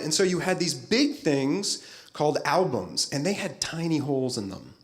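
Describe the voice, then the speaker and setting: A man's voice: on the high side, sing-song, moderate pace. A middle-aged man giving a conference keynote as a futurist, playful and talking straight to the audience.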